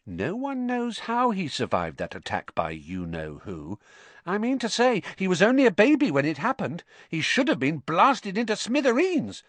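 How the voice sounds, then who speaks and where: Man voicing a solemn stout boy wizard, raised boyish pitch, sing-song delivery, storybook reading. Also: wildly swooping pitch, moderate pace, no room sound, heavily acted. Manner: solemn, conspiratorial, drops to a hush.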